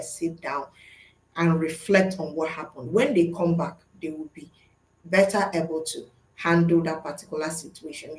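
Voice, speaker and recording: A woman's voice: deep voice, darkish tone, roomy sound, rough recording. A middle-aged woman, a school psychologist, giving a webinar lesson to teachers in an earnest, teacherly way and answering her own rhetorical questions.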